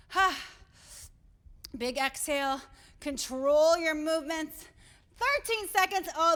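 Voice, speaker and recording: Winded female fitness instructor with a high voice, upbeat and encouraging, counts down the reps. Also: fairly bright tone. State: out of breath. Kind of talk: live workout coaching.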